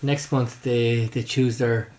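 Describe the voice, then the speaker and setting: A man, a podcast guest in casual chat, speaking haltingly and restarting sentences. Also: mid-range voice, little pitch movement, a little mellow, a little hiss or hum.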